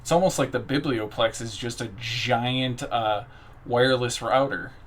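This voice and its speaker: A man's voice: mid-range voice, measured pace. A man narrating and explaining rules as game master in a casual tabletop session. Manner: casual, joking asides.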